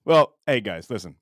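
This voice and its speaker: A man's voice: mid-range voice, fairly bright tone, no room sound, studio quality. A middle-aged man hosting a livestream in a casual, rambling, joking way, with plenty of crude humor. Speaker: livestream host.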